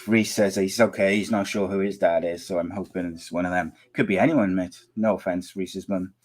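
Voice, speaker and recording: A man's voice: sits low, steady tone, normal speed, a little mellow. A middle-aged man, hosting a live podcast and reading out viewer comments in casual, teasing chat; he is losing his voice. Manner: chatty, teasing, rambling with many restarts.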